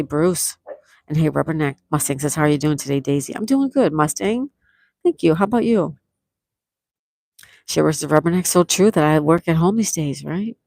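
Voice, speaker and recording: Older woman, livestream host, gravelly voice, chatty, reads comments aloud, dry close sound. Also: low voice, darkish tone, no room sound, poor audio. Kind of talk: casual livestream chat reading comments.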